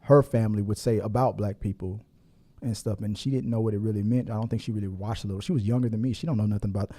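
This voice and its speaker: A middle-aged man hosting a casual commentary show, laughing often and jumping into high mock voices. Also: steady tone, fast talker, warm tone. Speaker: host.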